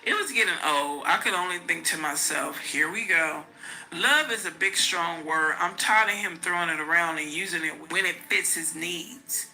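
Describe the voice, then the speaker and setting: A woman's voice: lowish voice, normal speed, vocal fry, few pauses, bright, forceful tone, soft background music, rough recording. A woman podcast host reading a memoir aloud and stopping now and then to comment on it. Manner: breaks off to comment on the text. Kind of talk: reading a book aloud with asides.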